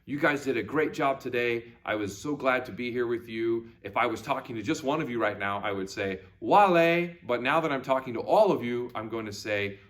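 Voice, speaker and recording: A man teaching a recorded video lesson for children, repeating each word slowly for learners. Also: medium pitch, fairly bright tone. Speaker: Latin teacher.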